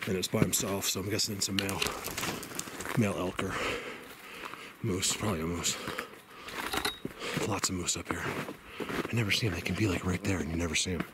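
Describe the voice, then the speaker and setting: A man's voice: low-pitched, steady tone, fairly quick, long pauses, heavy background noise. A man vlogging while hiking in snowy mountain woods, out of breath, chatty and rambling, laughing often. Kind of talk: outdoor hiking vlog.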